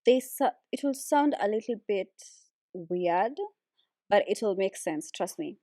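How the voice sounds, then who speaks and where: Woman vocalist chatting slowly about harmonies, lots of "like"s, dry close mic. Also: medium pitch, no room sound. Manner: relaxed, with many fillers like "like" and "so, yeah". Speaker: a cappella vocalist teaching harmony. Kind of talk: casual music tutorial.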